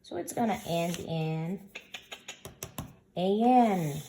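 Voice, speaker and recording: A woman's voice: lowish voice, expressive, very slow, dark tone, a little hiss or hum. A woman teaching a recorded Spanish grammar lesson, patiently explaining and sounding out example words.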